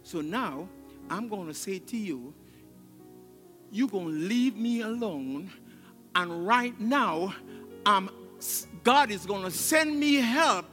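A man's voice: sits high, lively intonation, takes it slowly, pauses often, sharp tone. A male pastor preaching a sermon with exclamations, laughter and call-and-response, in a church sanctuary. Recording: long hall reverb, faint music.

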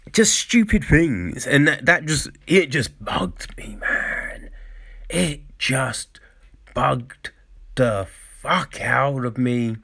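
A man's voice: medium pitch, a bit bright. A man reviewing a TV show in a casual rant, exasperated and profane, often repeating himself for emphasis.

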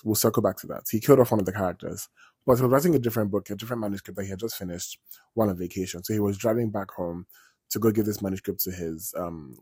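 A man's voice: fairly low pitch, a little mellow, breathy edge, no room sound, clean studio sound. A man talking casually as a vlogger, retelling a story in a chatty, digressive way and swearing freely.

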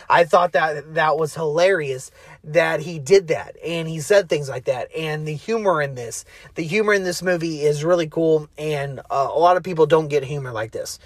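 A young man excitedly recapping a favorite film in a loose, rambling way, stumbling over restarts and fillers and cursing casually. His voice sits a little high. The sound is dry and close. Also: no room sound. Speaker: movie fan retelling a film.

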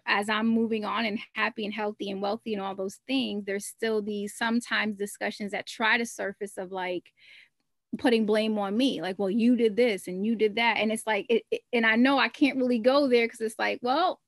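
A woman hosts a podcast and shares her thoughts in a reflective, conversational way, with plenty of "like" and "you know". Her voice sits in a middle pitch and sounds close and dry, with no room echo. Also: steady tone, moderate pace. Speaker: podcast host. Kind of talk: casual conversational interview.

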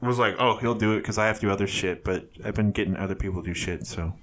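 A man's voice: low voice, steady tone, very fast. A man co-hosting a casual podcast, rambling and swearing freely as he jumps between thoughts. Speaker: podcast co-host. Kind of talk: casual chat.

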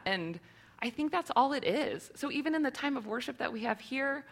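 A woman's voice: sits high, animated, moderate pace, a bit bright. A woman in her thirties giving a sermon to her church, earnest and conversational, with many rhetorical questions. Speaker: church speaker.

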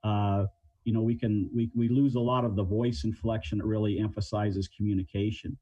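A man's voice: lowish voice, little pitch movement, normal speed, warm tone, no echo, lo-fi sound. A middle-aged man, a crisis negotiation trainer, answering interview questions in a plain-spoken way and explaining with everyday examples.

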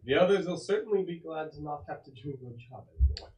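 A player in a tabletop role-playing game, speaking in a lively way, often in formal character speech. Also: medium pitch, quick pace, highs cut off.

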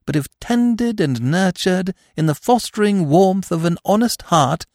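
A man's voice: high-pitched, lively intonation, measured pace, a little mellow, no room sound, studio quality, voice pushed up. A man voicing a silly, lovestruck young aristocratic man who chatters in a bumbling, chirpy upper-class way. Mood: chirpy, eager.

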